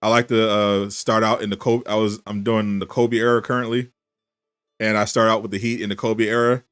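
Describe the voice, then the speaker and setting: A man chatting casually as a streamer on a live reaction stream, animated and incredulous, firing off rhetorical questions. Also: fairly low pitch, a little fast, clean tone, dry recording, studio quality, faint music behind.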